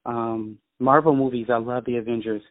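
A man's voice: medium pitch, fairly even intonation, moderate pace. A man speaking as a musician guest in a casual interview, eager and stopping with fillers. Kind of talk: casual interview over the phone. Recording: tinny phone line.

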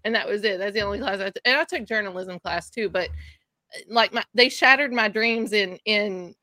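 A woman's voice: mid-range voice, fairly quick, sharp tone, no echo. A woman with a Southern US accent co-hosting a casual chat, chatty and giggly. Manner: chatty, giggly, self-teasing. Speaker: co-host.

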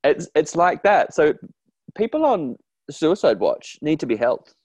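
A man talking in a casual interview about his therapy work, earnest and animated, acting out quoted voices with frequent restarts. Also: fairly high pitch, a little slow, dry recording. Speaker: therapist guest.

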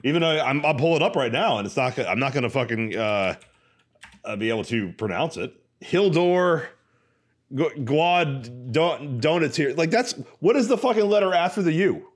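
A man with an ordinary mid-range voice chats on a podcast. He swears casually and fills his sentences with "like" and "uh". His delivery is loose and animated. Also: medium pitch, fast talker. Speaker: podcast co-host. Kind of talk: casual chat.

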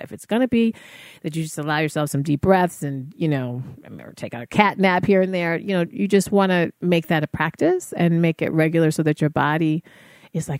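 In a lowish, darkish voice, a woman talks casually to fellow artists, offering upbeat wellness advice peppered with fillers. The recording is clean and studio-quality with no echo.

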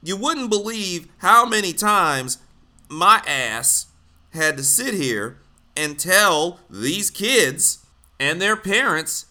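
Man, fairly high and bright, blunt and exasperated, ranting commentary with profanity. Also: big pitch swings, takes it slowly.

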